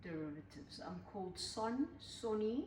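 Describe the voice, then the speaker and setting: An older woman co-hosting a podcast in casual chat, giving advice in a measured way with homely images. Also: mid-range voice, expressive, darkish tone. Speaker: podcast co-host. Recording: roomy, distant mic, faint noise.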